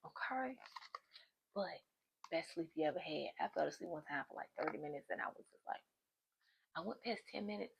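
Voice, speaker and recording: A woman's voice: deep voice, expressive, brisk, vocal fry, long pauses, a little hiss or hum. A young woman vlogger talking straight to her viewers, giving casual self-help advice in a chatty, informal way.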